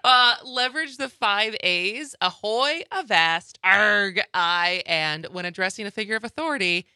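A woman hosting a radio talk show, animated and quick to laugh, her pitch swooping up and down. Her voice is bright and forward, recorded dry and close in a studio. She reads announcements between bursts of giggles. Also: clear, resonant tone, no echo. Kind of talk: casual studio chat.

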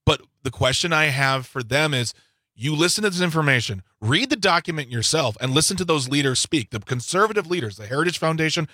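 A man's voice: on the high side, lively intonation, brisk, pushed and bright, dry recording. A male panelist posing pointed questions in a political talk show discussion.

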